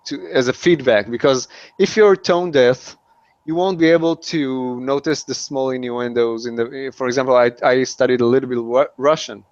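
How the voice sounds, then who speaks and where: Man, English, hesitant with restarts, smooth resonant voice, dry dull lo-fi sound. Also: mid-range voice, moderate pace, darkish tone, no room sound. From Middle East. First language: not English. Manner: hesitant, many restarts and fillers. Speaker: interview guest. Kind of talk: casual interview.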